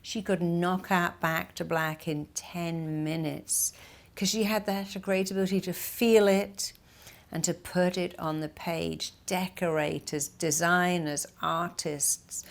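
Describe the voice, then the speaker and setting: A middle-aged woman therapist speaks in a slightly low voice, teaching with emphatic energy. She acts out the inner voices she describes in quick little quotes, in a motivational style. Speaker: therapist and hypnotherapist.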